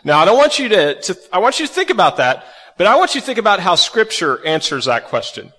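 A man's voice: high voice, sing-song, fast talker, sharp tone, in a large hall. A man preaching a conversational sermon, asking his listeners questions as he walks through scripture. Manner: conversational, asks the audience questions. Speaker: pastor.

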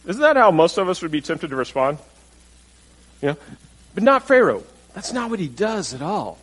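A man's voice: a little high, rough recording. A male pastor preaching a conversational sermon, asking the congregation questions and acting out the people in the story. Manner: conversational, asks the audience questions, acts out quotes.

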